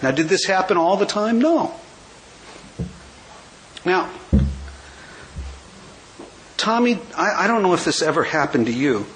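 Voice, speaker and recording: A man in his sixties from California tells his recovery story in a high voice. His delivery is wry, with quick jokes. A faint hiss sits under the talk. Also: animated, fairly bright tone, rough recording. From California, USA. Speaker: AA speaker. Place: convention hall.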